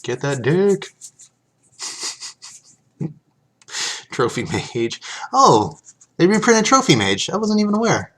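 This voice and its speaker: A man's voice: high voice, wildly swooping pitch, measured pace, long pauses, a bit bright. A man casually chatting on a live stream, reading card text aloud and thanking viewers as he opens packs.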